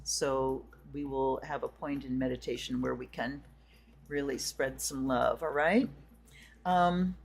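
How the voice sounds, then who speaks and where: A woman hosting a tarot and astrology livestream, chatting in a rambling way with viewers and then leading a slow blessing. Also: low voice. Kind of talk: casual livestream chat and ritual blessing.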